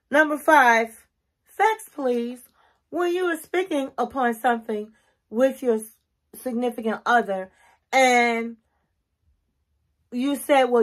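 A middle-aged woman giving relationship advice to camera in an earnest, coaching way, working through a numbered list of tips. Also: on the high side. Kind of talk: casual advice talk to camera.

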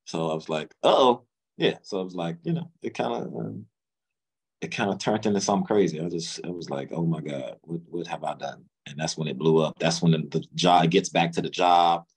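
A middle-aged man, an interview guest, telling his story casually in slangy speech, acting out quotes with sudden jumps in pitch. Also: brisk, creaky, slightly rough. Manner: loose, slangy, lots of restarts.

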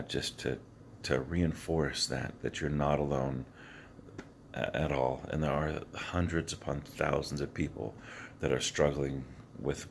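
A man vlogging to his camera in the morning with a scratchy, unwarmed voice, talking earnestly and haltingly, full of fillers and restarts. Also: extremely low pitch, creaky. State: morning voice before tea or water. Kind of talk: rambling motivational vlog to camera. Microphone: phone camera held close to the face.

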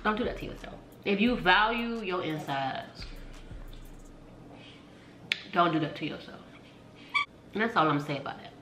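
A woman's voice: lowish voice, animated, normal speed, long pauses, a bit bright, faint music behind. A young woman vlogging casually to camera, chatty and slangy, calling out to her viewers often. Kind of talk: casual vlog chat to camera. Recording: echoey room.

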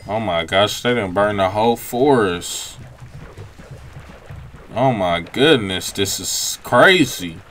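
A young man giving relaxed, reactive commentary over his own gameplay, breaking into quick exclamations. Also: on the low side, slight background noise. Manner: laid-back, reactive, frequent exclamations. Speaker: gaming channel host. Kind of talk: let's-play gameplay commentary.

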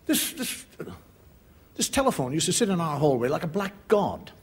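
A man with an Irish accent delivers a televised stand-up monologue, acting out his story's characters. His voice is a little high and husky, with big pitch swings and a moderate pace, and the studio audience's laughter and noise sit behind him.

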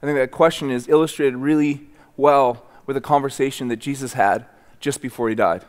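A male pastor delivers a sermon in an earnest, searching way, doubling back on his words as he builds a thought. His voice sits at an ordinary middle pitch, and a long reverb carries it through the church hall. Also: steady tone, brisk. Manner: earnest, repeats and restarts words. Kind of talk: sermon with scripture reading. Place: church sanctuary.

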